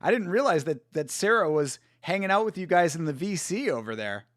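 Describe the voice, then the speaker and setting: A man's voice: a little high, big pitch swings, fairly quick, a bit bright, no echo, studio quality. A man hosting a casual live stream, chatting with viewers, laughing often and apologizing for it. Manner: laughs a lot and keeps apologizing. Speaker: livestream host.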